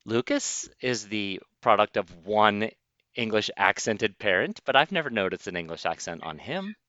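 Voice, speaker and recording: Bright, dry-sounding man on a lo-fi mic. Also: lowish voice, normal speed, no room sound. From United States. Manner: laughs easily, relaxed and chatty. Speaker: podcast co-host. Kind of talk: casual chat. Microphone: backup mic, low fidelity.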